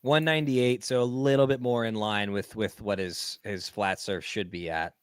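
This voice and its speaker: A man co-hosting a live tennis watchalong from home, reacting with jokes and emphatic, drawn-out remarks. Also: lowish voice, steady tone, smooth, no echo. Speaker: co-host. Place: home streaming setup.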